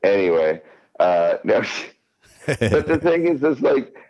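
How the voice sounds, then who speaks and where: A man's voice: lowish voice, very animated, slow pace, darkish tone, rough recording. A man in casual podcast chat, rambling and swearing, often repeating himself. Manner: rambling, profane, repeats words.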